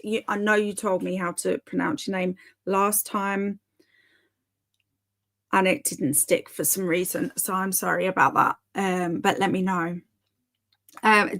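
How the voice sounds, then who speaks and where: A booktube streamer in her thirties hosts reading sprints, chatting easily with viewers and reading their comments aloud. Her mid-range voice has a slight brightness, and she giggles a lot.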